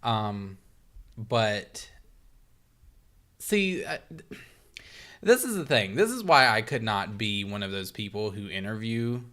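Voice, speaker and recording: A man's voice: fairly low pitch, expressive, slow pace, long pauses, pushed and bright. A man co-hosting a podcast in casual chat, rambling with lots of fillers and some swearing. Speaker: podcast co-host. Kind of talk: casual true-crime chat.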